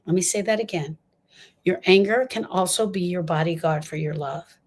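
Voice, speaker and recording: A woman's voice: fairly low pitch, moderate pace, a little mellow. An older woman giving an impassioned talk on grief, emphatic and repeating lines for stress as she speaks straight to her listeners.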